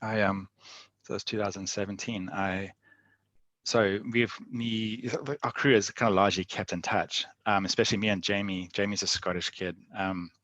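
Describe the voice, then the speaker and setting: A young man, a podcast guest, telling adventure stories in a rambling way, full of "like" and quick laughs. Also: on the low side, level tone, a bit bright, no room sound, highs cut off. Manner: rambling, heavy use of "like", frequent laughs. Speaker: podcast guest, endurance athlete. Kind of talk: casual storytelling.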